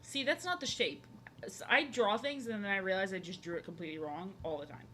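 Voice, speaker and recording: Bright-voiced rambling woman streamer. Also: mid-range voice, animated, a little fast, a little hiss or hum. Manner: rambling, filler-heavy, talks to chat. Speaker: art streamer. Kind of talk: casual chat while drawing on a live stream.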